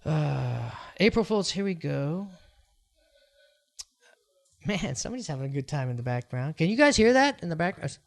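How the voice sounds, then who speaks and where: Nasal male host, high-pitched, jokey and excitable, casual podcast banter. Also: moderate pace, creaky, pauses often. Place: small studio den with live audience.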